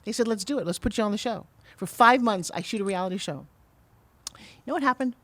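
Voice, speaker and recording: A middle-aged woman talks very quickly as a guest on a podcast. She tells her story with energy and acts out the voices of the people in it. Her voice sounds close and dry. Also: medium pitch, no echo. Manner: fast, animated storyteller who acts out quotes. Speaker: guest, TV pitch saleswoman.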